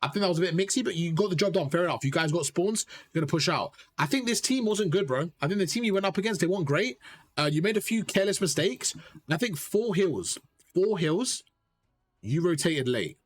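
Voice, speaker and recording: A man coaching a player through gameplay footage, direct and animated, repeating his points and calling him bro. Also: high voice, fairly quick. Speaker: gaming coach.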